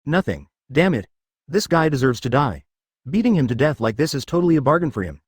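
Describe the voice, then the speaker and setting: A man's voice: on the high side, big pitch swings, fairly quick, husky, no echo, studio quality. A man reading as a cold, ruthless pirate captain.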